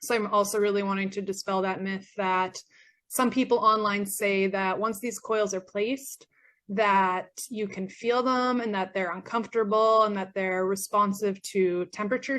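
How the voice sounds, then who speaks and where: Young woman from Canada, mid-range pitch, earnest grateful testimonial, voice a bit worn. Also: steady tone, moderate pace, fairly bright tone. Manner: earnest, grateful, with frequent fillers. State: losing her voice. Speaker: former patient. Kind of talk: personal testimonial.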